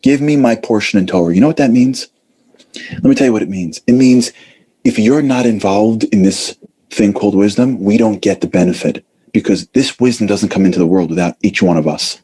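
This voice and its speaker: Man, motivational talk, husky voice, mellow tone, lively acted asides. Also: on the low side, fairly quick. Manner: animated, acts out voices, casual fillers. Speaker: speaker.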